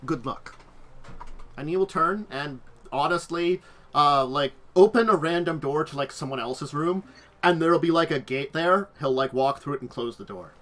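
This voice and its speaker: A man running a tabletop game as game master, narrating in an animated, laughing way. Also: on the high side, normal speed.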